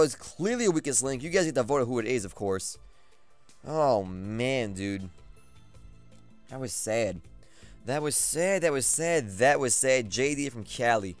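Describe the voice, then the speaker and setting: A young man giving live commentary on his own online game battle, excitable and trash-talking, repeating phrases as he plays. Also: mid-range voice, moderate pace, no room sound, soft background music. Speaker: gaming commentator.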